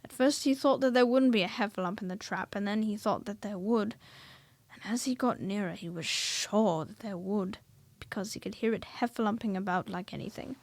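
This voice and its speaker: A woman reading a children's storybook aloud, expressive and dropping to hushed whispers at tense moments. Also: medium pitch, normal speed, no room sound.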